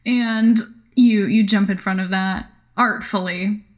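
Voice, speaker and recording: Relaxed young woman running a tabletop game. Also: medium pitch, slow. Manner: relaxed, amused narration. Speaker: game master.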